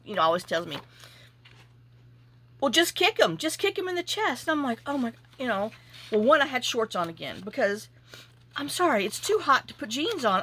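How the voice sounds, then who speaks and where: A woman telling a rambling, animated story in a casual vlog while she works on a craft project. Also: fairly high pitch. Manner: animated, chatty, acts out her own reactions. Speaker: junk journal crafter.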